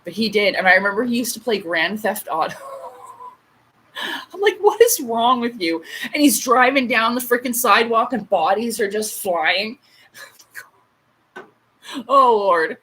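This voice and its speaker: A woman's voice: a little high, lively intonation, a little slow, long pauses, sharp tone, breathy edge, low-quality recording. A woman in her late thirties hosting a casual livestream chat, a rambling storyteller with frequent asides. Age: late 30s. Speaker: livestream host.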